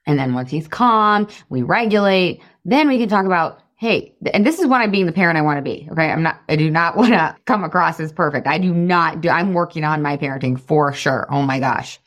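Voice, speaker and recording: Animated woman coaching with a lower voice. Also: a little fast, hardly any pauses, lo-fi sound. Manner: animated, acts out quoted voices, laughs often. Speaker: podcast host and weight loss coach. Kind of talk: casual teaching talk.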